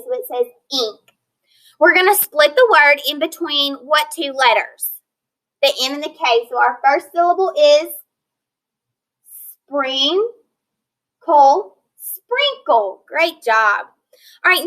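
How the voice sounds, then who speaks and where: A woman teaches phonics in a recorded lesson, breaking words into syllables and sounding them out slowly for her students. Her voice sits high and sounds bright. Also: rough recording. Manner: slow, clear modeling of word sounds with praise and prompts.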